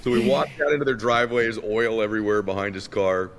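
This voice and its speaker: A man from Massachusetts, a guest telling a childhood story animatedly and acting out the voices. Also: fast. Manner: animated storyteller who acts out quotes. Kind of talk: storytelling in a conversation. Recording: long reverb, faint rumble.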